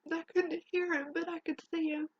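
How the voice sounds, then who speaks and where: A woman telling a painful personal story in a halting, emotional way, her voice trembling near tears, in a dull lo-fi home recording. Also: extremely high pitch, little pitch movement. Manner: halting, emotional, with restarts and long pauses. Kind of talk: personal spoken testimony.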